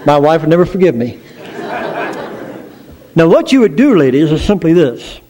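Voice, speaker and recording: A middle-aged male preacher giving a sermon in a folksy, animated storytelling manner, joking about himself. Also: on the high side, moderate pace, a faint crowd.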